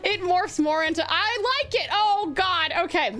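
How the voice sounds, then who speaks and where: High, excitable woman streamer. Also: measured pace, hardly any pauses, faint music behind. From Tasmania, Australia. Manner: excitable, swears and laughs often. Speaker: streamer, game narrator. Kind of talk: live game stream with chat.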